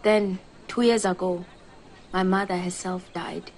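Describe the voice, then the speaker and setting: An actress playing an earnest, polite woman with a Botswanan accent, quietly telling her troubles. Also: lowish voice, flat delivery, measured pace, a little hiss or hum. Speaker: client. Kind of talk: TV drama acting.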